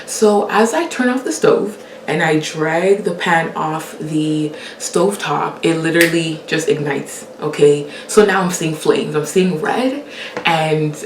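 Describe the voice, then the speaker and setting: A young woman telling a casual personal story as host, animated and laughing often as she acts out the lines she quotes. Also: sits low, slow pace, reverberant, distant mic, noisy background.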